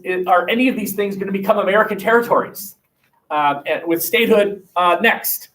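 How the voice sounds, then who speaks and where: A man's voice: sits high, brisk, a bit bright. A male history teacher lecturing a class in a conversational, rambling and wry way, recorded by webcam in a classroom.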